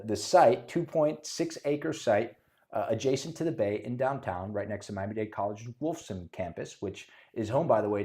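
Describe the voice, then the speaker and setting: Male co-host, playful and animated, casual podcast delivery. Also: medium pitch.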